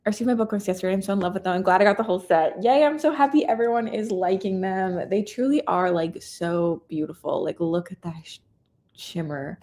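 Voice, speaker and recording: A woman's voice: mid-range voice, brisk, darkish tone. A young Canadian woman hosting a casual live reading stream, reading out viewer comments in a bubbly, chatty way. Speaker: booktuber reading chat host.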